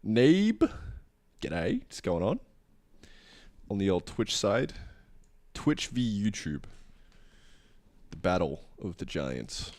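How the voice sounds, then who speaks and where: A man's voice: fairly low pitch, sing-song, slow pace, pauses often, darkish tone, dry recording. Chatty Australian man streaming, slightly sick. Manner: laid-back, chatty, greeting chat by name. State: tail end of a cold. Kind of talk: casual livestream chat.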